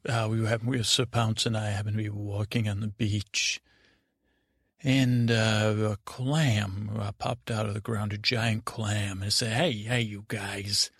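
Gravelly man rambling a bedtime story. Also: fairly low pitch, flat delivery, measured pace, no echo, clean studio sound. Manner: rambling, meandering. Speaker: storyteller host. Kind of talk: improvised bedtime story narration.

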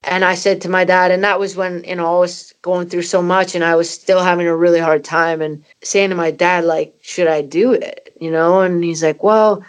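A woman's voice: fairly low pitch, level tone, normal speed, hardly any pauses. A woman in her thirties, originally from Canada, candidly telling an emotional personal story as an interview guest, with many "you know" fillers. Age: 30s. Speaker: footballer guest.

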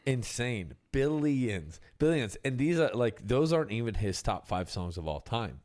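A man's voice: mid-range voice, sing-song, normal speed, a little mellow. A young man hosting a casual podcast chat about music, loose and profane, often trailing off and restarting.

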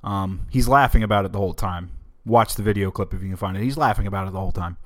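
A political podcast host delivers opinionated, emphatic commentary in a conversational style. His voice sits low and he talks at a quick pace.

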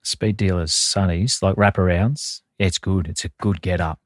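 A man's voice: sits low, fairly even intonation, moderate pace, no echo, clean studio sound. A man in his thirties, co-hosting a casual podcast, with laid-back, wry banter and short interjections. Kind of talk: casual chat.

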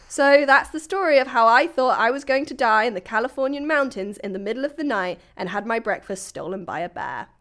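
A young woman with a slightly high voice reads a listener's story to her co-host. She keeps the telling chatty and breaks into giggles along the way. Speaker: podcast co-host. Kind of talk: casual chat, reading a listener's story aloud.

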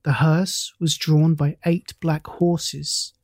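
A reader narrating a classic ghost story in a measured, even storytelling manner. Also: medium pitch, dry recording. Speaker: audiobook narrator.

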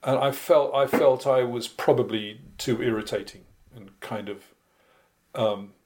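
A man's voice: medium pitch, unhurried, darkish tone. A man from Britain, a guest musician in a casual interview, telling anecdotes in a wry, self-deprecating way.

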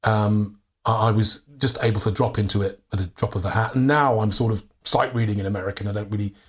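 An English actor from England, speaking in a low-ish voice at a fast clip, tells anecdotes as a guest in a candid interview. He's an animated storyteller who keeps restarting sentences and laughing.

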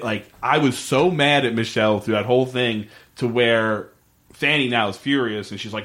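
A man co-hosting a casual podcast, recapping a TV show. He talks loosely, full of likes and ums, and his voice jumps up in pitch when he acts out what the characters said. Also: fairly quick. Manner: animated retelling with filler words, quotes characters in a lively voice. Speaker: podcast co-host recapping a TV episode. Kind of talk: casual chat.

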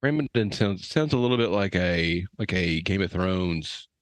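A man's voice: low-pitched, expressive, moderate pace, no room sound. A man co-hosting a comedy podcast, teasing in a dry way. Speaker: podcast co-host. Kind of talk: casual comedy chat.

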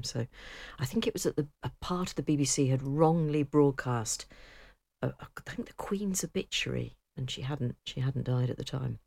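A woman's voice: extremely low pitch, no echo. A middle-aged woman, co-hosting a casual chat, talkative and self-deprecating with frequent laughter. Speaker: co-host.

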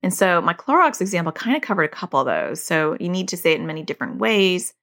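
A woman's voice: on the low side, animated, quick pace, a bit bright. A middle-aged woman hosting a podcast, talking candidly and casually and acting out bits of dialogue with her kids. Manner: chatty, candid, acts out quoted dialogue with family. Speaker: podcast host and anxiety educator. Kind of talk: casual solo podcast talk.

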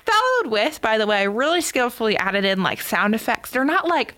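A woman's voice: on the high side, normal speed. Chatty young woman, constant filler words. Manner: animated, lots of filler "like". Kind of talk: casual chat retelling a film scene.

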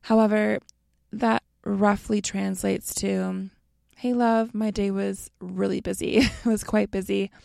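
A young American woman explains a lesson in a slow, relaxed and friendly way. Her voice has a strong gravelly fry and a mellow, warm tone. The recording is close and dry. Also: mid-range voice, no echo. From North America. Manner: slow, relaxed and friendly, addresses listeners as you guys. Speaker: language teacher.

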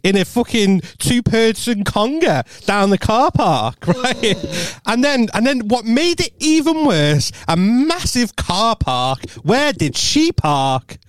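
A man, co-hosting a podcast and telling stories in a casual, animated way, swearing freely. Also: sits high, slow pace, few pauses, clean tone, no echo. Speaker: podcast co-host. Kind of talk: casual storytelling chat.

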